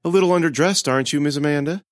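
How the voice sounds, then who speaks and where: A man's voice: fairly high pitch, rapid-fire, no room sound, clean studio sound, pitched above the performer's own voice, natural voice. A man voicing a leering young man who sneers and then screams in rage. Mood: sneering. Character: leering young man turned shrieking brute.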